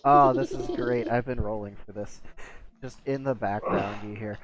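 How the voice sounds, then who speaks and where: A young man running a tabletop game as game master, narrating slowly and making puns. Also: mid-range voice, steady tone, over music. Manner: wordplay, slow deliberate narration.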